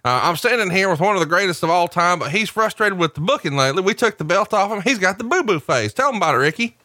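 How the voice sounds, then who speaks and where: A man's voice: sits high, lively intonation, fast talker, bright, forceful tone, no room sound, studio quality, pitched above the performer's own voice. A man playing a brash male backstage interviewer in a mock-announcer delivery. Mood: showy.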